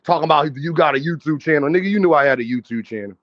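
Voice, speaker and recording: Running casual commentary on his boxing livestream, a brash man talks fast and loose, swearing, trash-talking, calling out viewers, and ordering people into his chat as he addresses it directly. His pitch is high for a man. The audio is dull and lo-fi, like a stream.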